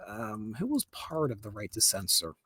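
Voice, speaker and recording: A man's voice: fairly low pitch, wildly swooping pitch, normal speed, pushed and bright, husky, no echo, clean studio sound. A young man with a Pittsburgh accent, hosting a podcast and ranting casually, laughing and restarting as he goes. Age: young adult. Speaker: podcast host. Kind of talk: casual rant.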